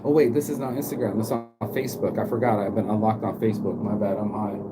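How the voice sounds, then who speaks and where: A man's voice: lowish voice, fairly even intonation, fast, over loud music, rough recording. A man from the Bay Area hosting a rambling motivational live stream from his phone while walking outdoors, talking in a loose, slangy, profane way. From Bay Area, California.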